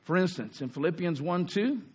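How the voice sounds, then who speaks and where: A man preaching a sermon in an earnest way, rising for emphasis and slowing down on key phrases. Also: high voice, animated, a little mellow, slightly rough. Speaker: pastor.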